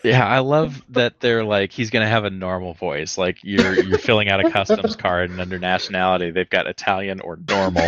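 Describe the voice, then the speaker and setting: A man's voice: low voice, sing-song, brisk, few pauses, fairly bright tone, muffled recording, slight background noise. A man co-hosting a podcast, chatting casually and making wry jokes, thinking aloud with some hesitation. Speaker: podcast co-host. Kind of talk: casual chat.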